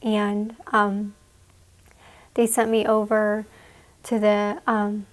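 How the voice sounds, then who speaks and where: A young woman giving an emotional personal account in an interview, halting and full of "like"s. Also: medium pitch, monotone. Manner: halting, fillers, many "like"s.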